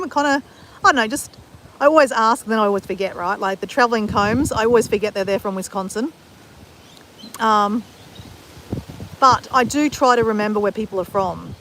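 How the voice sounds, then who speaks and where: A woman's voice: a little high, fairly bright tone, a little hiss or hum. An Australian woman chatting casually with her live-stream viewers in a rambling, self-deprecating way.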